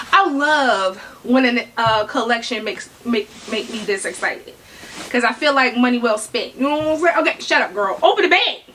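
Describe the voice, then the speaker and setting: A woman vlogging an unboxing, chatty and full of slang, excitedly talking to herself and her viewers, breaking into laughs and whispers. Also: fairly high pitch, normal speed, slight background noise. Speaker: fashion vlogger.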